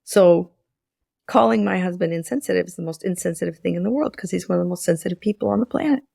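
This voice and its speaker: A woman's voice: fairly low pitch, fast talker, creaky, no room sound, studio quality. A woman in her sixties, a former business school lecturer, explaining ideas in a podcast interview and telling anecdotes in which she acts out the dialogue. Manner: animated storyteller who acts out dialogue with repeated restarts.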